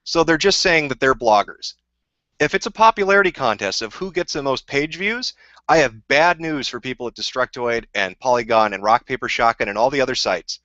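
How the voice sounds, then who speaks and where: A man's voice: medium pitch, lively intonation, fairly quick, pushed and bright, no room sound, highs cut off. A man hosting a livestream, ranting heatedly and swearing constantly while answering chat questions. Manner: profane, combative, heated. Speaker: livestream host.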